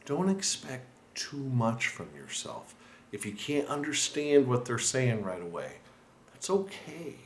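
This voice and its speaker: Recorded with noticeable reverb, a U.S. man with a mid-range voice hosts a language-learning video. He talks to the camera in an encouraging, earnest way, conversational and sprinkled with restarts and asides as he gives learners tips.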